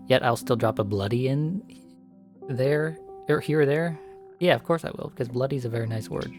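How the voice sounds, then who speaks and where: A man's voice: mid-range voice, moderate pace, darkish tone, faint music behind. An American man streaming a fishing game, chatting casually and rambling through opinionated tangents. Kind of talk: casual gameplay chat.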